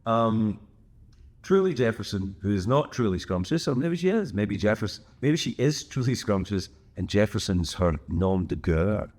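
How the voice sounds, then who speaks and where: A man with a very low, deep voice chats casually as a podcast host. He wanders off on tangents and drops dry, wry asides as he goes. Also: expressive, normal speed, darkish tone. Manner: rambling and digressive, wry asides. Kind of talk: casual solo chat.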